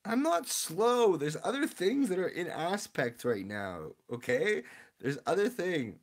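A man's voice: high-pitched, very animated, unhurried. A young man live-streaming, reading his chat and opening card packs, confused and laughing, often repeating himself.

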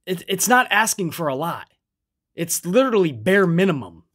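A man with a slightly higher-pitched voice gives a loose, casual recap as a show reviewer. He swears freely, ends phrases with "man" and talks about himself in the third person. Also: very animated, moderate pace, fairly bright tone.

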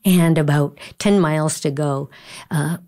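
Woman host for a faith podcast, warm low voice, earnest and encouraging storyteller. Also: fairly even intonation, unhurried. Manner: earnest storytelling with fillers and restarts. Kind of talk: devotional podcast teaching.

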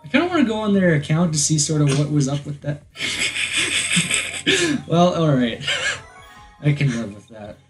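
A man watching his friend play a video game, reacting with loud, crude, laughing banter. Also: on the high side, moderate pace, pauses often, faint music behind, rough recording. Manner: excitable, swearing, laughing banter. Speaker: let's play co-host. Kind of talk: casual gaming commentary.

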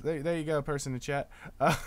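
A man's voice: on the high side, steady tone, fairly quick, no echo, shouting. A man in his twenties, a streamer and voice actor, chatting casually during a live-streamed game, stammering and restarting his sentences.

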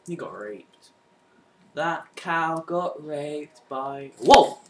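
A man's voice: fairly high pitch, lively intonation, drawn-out words. A young man commentating over his own gameplay, muttering to himself and breaking into frustrated outbursts. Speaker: gamer. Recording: echoey room, mic at a distance, faint noise.

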